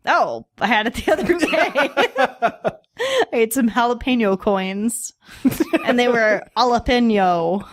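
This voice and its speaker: A woman's voice: fairly high pitch, slow, no room sound, studio quality. A woman in her thirties co-hosting a casual podcast, telling stories about a movie and laughing often. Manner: giggly, laughs often, animated storytelling. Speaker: podcast co-host. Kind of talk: casual chat reviewing a movie.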